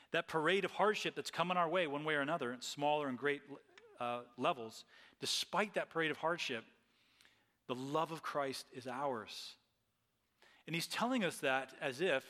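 Pastor guy preaching, bright ringing voice kinda high, long echo like a big hall. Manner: earnest, repeats and restarts phrases. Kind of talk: sermon.

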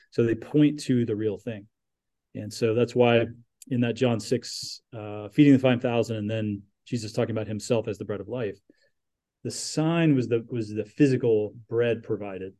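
A man's voice: medium pitch, warm tone. A man teaching a Bible class, thinking aloud with frequent restarts and putting questions to his students.

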